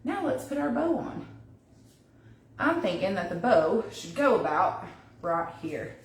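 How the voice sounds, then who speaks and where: A woman's voice: medium pitch, very animated, unhurried. A woman hosting a casual live craft demo from her home kitchen, chatting to viewers and thinking aloud as she works. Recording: echoey room, mic at a distance, faint noise.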